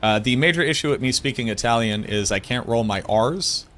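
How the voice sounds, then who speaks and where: A man's voice: medium pitch, lively intonation, brisk, a bit bright, a little hiss or hum. A man from Boston with a Boston accent, chatting casually and playfully with his livestream viewers and answering their messages. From Boston, United States. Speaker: game streamer.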